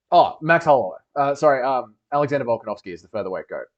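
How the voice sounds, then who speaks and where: A man's voice: mid-range voice, lively intonation, quick pace, muffled recording. A man hosting a livestream, reading chat and rambling with jokey, sweary banter.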